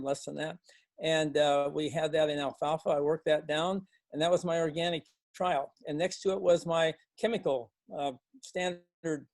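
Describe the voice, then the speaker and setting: An older man, a farmer from Montana, telling a halting, folksy story to a club meeting, with many restarts. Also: on the high side, a little mellow, no echo. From Montana, USA. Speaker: guest speaker, organic farmer. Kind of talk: storytelling talk.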